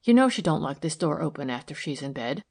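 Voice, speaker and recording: A woman's voice: sing-song, fast, a little mellow, heavily acted. A woman doing a wheezy, anxious old maidservant. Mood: anxious pleading. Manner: pleading, shrill when upset. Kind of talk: audiobook character voice.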